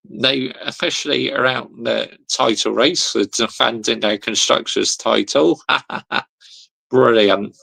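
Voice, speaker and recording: A man's voice: mid-range voice, gravelly, sharp tone, slightly rough. A young man, hosting a casual football livestream, reading chat comments aloud, laughing often and answering with slang.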